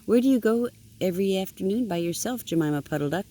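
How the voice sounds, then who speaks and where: A woman's voice: medium pitch, expressive, fast, mellow, voice pushed up, close to an everyday voice. Grandmother voicing a wise, questioning collie dog. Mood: suspicious. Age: older.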